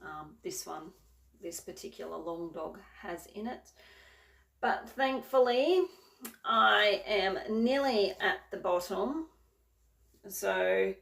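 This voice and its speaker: A woman's voice: mid-range voice, lively intonation, slow, vocal fry, a bit bright. A woman chatting casually about her cross-stitch projects, rambling and correcting herself as she goes. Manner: rambling, self-correcting, filler-heavy. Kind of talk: casual show-and-tell chat. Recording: roomy, from a distance.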